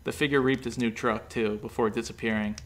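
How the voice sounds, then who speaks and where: A man reading a comic horror story aloud in a brisk, deadpan way. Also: mid-range voice, slight background noise.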